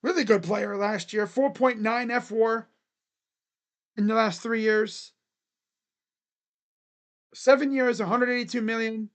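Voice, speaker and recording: A sports channel host chatting casually on a live stream, making predictions in a jokey, rambling way with sudden shouted bits. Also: medium pitch, fairly even intonation, measured pace, long pauses. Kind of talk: casual live-stream commentary on baseball free agents.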